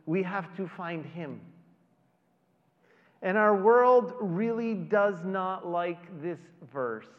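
Slow conversational male pastor preaching. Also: high voice. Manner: conversational, with dramatic pauses. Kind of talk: sermon. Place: large church hall. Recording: dull audio with long hall reverb.

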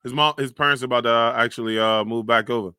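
A man's voice: medium pitch, fairly even intonation, fast talker, pushed and bright, smooth, no echo, studio quality. A man co-hosting a casual chat, joking and cursing through playful trash talk. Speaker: podcast co-host.

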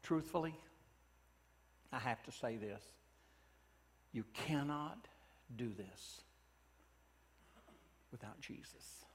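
A man preaching a sermon in a church, earnest and pleading, often dropping his voice to a hush for emphasis. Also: mid-range voice, animated, slow, long pauses, in a large hall, a little hiss or hum. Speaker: pastor.

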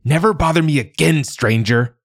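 A man's voice: a little high, normal speed, dry recording, studio quality, voice pushed up. A man voicing a stern, weary woman warrior living under a curse, speaking curtly and commandingly. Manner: curt, commanding.

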